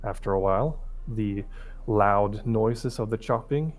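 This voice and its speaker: A man casually retelling a folk tale to friends in a relaxed, rambling way with frequent restarts. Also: lowish voice, unhurried. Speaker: storyteller.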